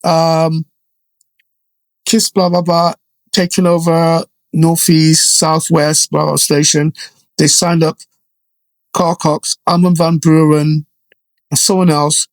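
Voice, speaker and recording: A middle-aged man, raised in Jamaica, talks as a guest in a relaxed interview, recalling events in a lively, animated way. His voice sits a little higher than most men's. The recording is close and dry, with no room sound. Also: takes it slowly, pauses often, no room sound. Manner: animated storyteller, frequent "you know" and "right?" tags. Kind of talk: casual storytelling interview.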